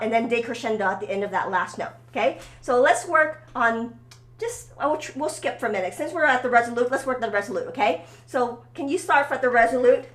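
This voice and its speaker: A violin teacher with a high, fairly bright voice gives a one-on-one lesson in a reverberant space, coaching and encouraging her student and often asking "okay?". Faint violin playing can be heard behind her.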